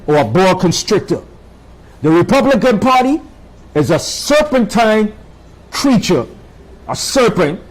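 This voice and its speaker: Emphatic preacher man with swooping pitch. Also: rough recording. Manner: rhetorical questions to the congregation. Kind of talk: sermon.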